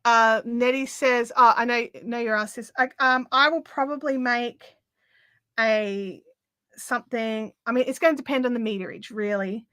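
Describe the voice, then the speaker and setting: Chatty aussie lady on a craft stream, bright voice, bit high, dry close sound. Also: fairly even intonation, moderate pace, smooth, dry recording. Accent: Australian. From Australia. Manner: chatty, lots of fillers, laughs easily. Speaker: craft livestream host. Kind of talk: casual chat, reading viewer comments.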